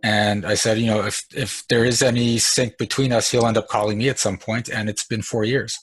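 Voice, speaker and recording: Man, low and husky, reassuring advisor in a casual chat. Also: brisk, no room sound. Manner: calm, reassuring, advising, with restarts.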